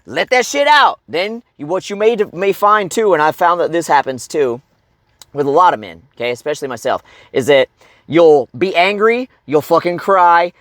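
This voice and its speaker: Recorded dry at studio quality, a middle-aged man with a high, slightly bright voice coaches other men in motivational talk. He's a blunt life coach who swears heavily and keeps tossing in "okay?" and "right?".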